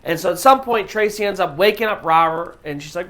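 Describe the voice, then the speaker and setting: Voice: medium pitch, lively intonation, brisk, hardly any pauses, a bit bright. Casual ghost-story narrator, chatty and loose. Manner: conversational, loose, with many "you know" fillers. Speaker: storyteller and channel host.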